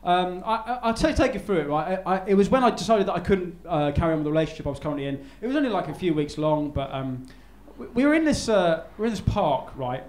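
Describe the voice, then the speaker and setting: High-voiced stand-up comedian. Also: male voice, fast talker, hardly any pauses. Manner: rambling, stammering, animated. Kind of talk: live stand-up storytelling. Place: live comedy venue. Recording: echoey live room with noise.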